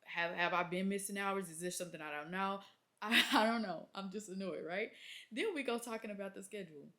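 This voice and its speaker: A young woman, a nurse, venting casually to camera, exasperated and animated as she acts out conversations. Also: mid-range voice, fairly quick. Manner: exasperated, animated storytelling with acted-out quotes. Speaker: labor and delivery nurse, vlogger.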